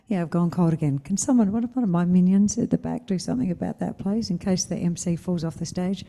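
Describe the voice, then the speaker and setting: A woman's voice: lowish voice, fast talker, hardly any pauses, warm tone. A woman hosting a conference on stage, chatty and joking as she introduces the next speaker.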